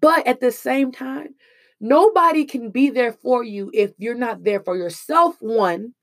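A woman's voice: fairly high pitch, unhurried. A young woman speaking in an earnest, emphatic monologue, casual and slangy as she shares hard-won lessons. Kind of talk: emotional personal monologue.

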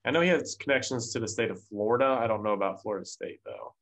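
A man's voice: lowish voice, quick pace, fairly bright tone. A young man co-hosting a casual sports talk show, laid-back and giving short replies.

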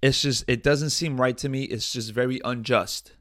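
A man's voice: medium pitch, fairly even intonation, normal speed, fairly bright tone, no room sound, clean studio sound. A man hosting a solo podcast in a casual, rambling, joking way, swearing often and talking to himself. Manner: rambling, joking, frequent swearing and self-talk. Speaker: podcast host.

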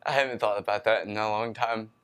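A man co-hosting a casual podcast with his friend, talking in halting, filler-heavy bursts and laughing often. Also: lowish voice, fairly even intonation, fairly bright tone, clean tone. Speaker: podcast co-host. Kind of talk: casual chat between friends.

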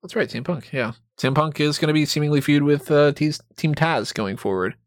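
A man's voice: fairly high pitch, fairly quick, dry recording. Laughing man on a dry close mic. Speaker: podcast co-host. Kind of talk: casual wrestling chat.

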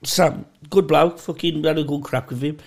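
Sweary laughing man with a gravelly voice. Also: fairly high pitch, fairly even intonation, moderate pace. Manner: sweary storytelling, laughs a lot. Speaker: podcast co-host. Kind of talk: casual chat.

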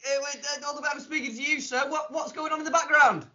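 A man's voice: very high voice, steady tone, fast talker, bright, forceful tone. A man hosting a comedy podcast, teasing his co-hosts in playful banter. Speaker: podcast host. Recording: dull lo-fi sound.

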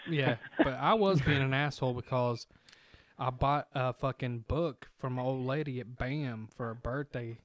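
A man co-hosting a podcast, telling a story in a loud, profane, laughing way and mimicking the people in it. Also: medium pitch, moderate pace, no room sound. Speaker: podcast co-host. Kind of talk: casual storytelling chat.

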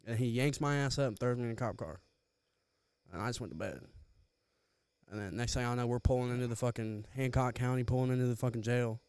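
A man's voice: mid-range voice, quick pace, a little mellow, clear, resonant tone, no echo. A young man casually telling a profane story on a podcast, laughing often, close to the mic. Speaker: podcast co-host.

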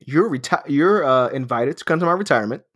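A man's voice: mid-range voice, expressive, fast, a bit bright. Laughing profane man telling stories. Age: 30s. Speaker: storyteller. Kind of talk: casual chat.

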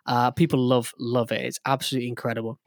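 A man co-hosting a casual sports podcast, excitable and rambling, full of ums and restarts. His voice sits at an ordinary mid pitch, recorded close and dry with no room sound. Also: quick pace, no echo. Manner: enthusiastic, rambling with many fillers and restarts. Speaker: podcast co-host.

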